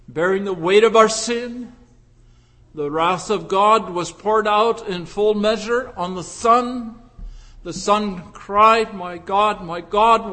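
A man preaching a sermon in an earnest, emphatic way, with frequent pauses and fillers. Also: high voice, fairly bright tone. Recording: long hall reverb.

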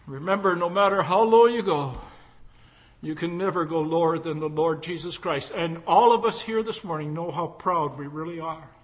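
High-voiced fervent male preacher. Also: moderate pace, long reverb tail. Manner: fervent, swings from loud cries to hushed lines. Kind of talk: sermon with closing prayer.

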